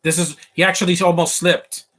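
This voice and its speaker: A man's voice: high-pitched, little pitch movement, brisk, a bit bright. A man giving casual live commentary over a film, chatty and reacting as it plays. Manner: chatty, quotes film lines along.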